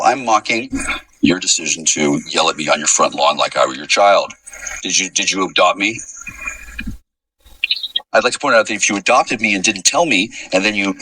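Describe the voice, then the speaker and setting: Man, sarcastic solo ranter, tone swinging wildly from low to high, dry room. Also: pushed and bright, no echo, recorded from a distance, rough recording. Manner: sarcastic, accusing rant with sudden pitch jumps. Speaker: vlogger. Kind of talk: rambling solo monologue.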